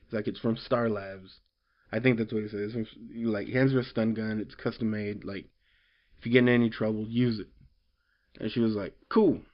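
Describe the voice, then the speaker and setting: A man's voice: fairly low pitch, little pitch movement, fairly quick, muffled recording. A man casually recapping a story, rambling with lots of fillers and loosely quoting characters. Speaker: comic book reviewer.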